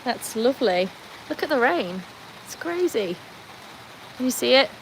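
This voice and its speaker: Woman, British accent, higher voice, chatty livestream host, reads out comments, talks to her dogs, tin-roofed veranda in the rain. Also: big pitch swings, unhurried, slight background noise, poor audio. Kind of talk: casual livestream chat.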